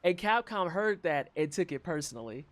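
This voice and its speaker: A woman streamer reacting to game trailers live, rambling and swearing with animated asides to chat. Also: fairly low pitch, normal speed.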